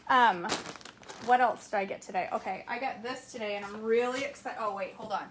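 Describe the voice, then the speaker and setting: A woman's voice: fairly high pitch, animated, moderate pace, fairly bright tone, a little hiss or hum. A woman in her forties casually chatting through a grocery haul, rambling through asides and laughing easily. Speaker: vlogger showing grocery haul. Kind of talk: casual chat.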